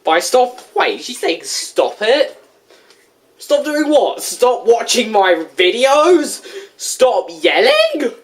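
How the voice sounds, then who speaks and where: Excitable woman reacting to videos. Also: on the high side. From United Kingdom. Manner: excitable, chatty, quick to exclaim. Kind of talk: casual reaction commentary.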